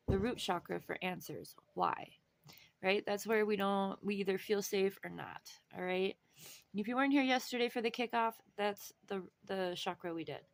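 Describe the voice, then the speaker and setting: A woman hosting a casual spiritual show on chakras, reading from a book and often checking in with her listeners. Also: medium pitch. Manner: chatty, encouraging, checks in with "all right?".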